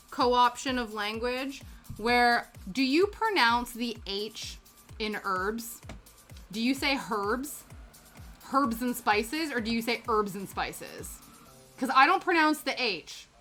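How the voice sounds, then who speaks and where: A woman's voice: fairly high pitch, expressive, takes it slowly, fairly bright tone. A British woman streaming a crafting session, chatting casually and reacting to her chat with frequent laughs. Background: faint background music.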